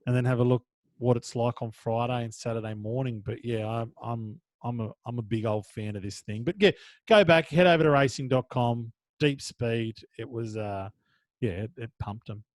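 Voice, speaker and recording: A man with an Australian accent co-hosting a casual horse racing tips podcast, chatty and joking, trailing off quieter at the end of thoughts. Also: mid-range voice, moderate pace, dry recording. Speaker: podcast co-host.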